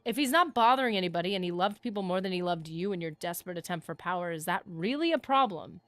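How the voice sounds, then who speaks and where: Excitable woman gaming streamer. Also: on the low side, fast. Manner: animated, excitable, chatty with chat. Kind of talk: casual livestream chat.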